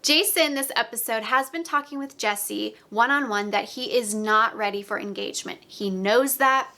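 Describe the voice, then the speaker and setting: A woman's voice: on the high side, moderate pace, sharp tone. A young woman hosting a casual reality-show recap, chatty and retelling scenes with quoted dialogue.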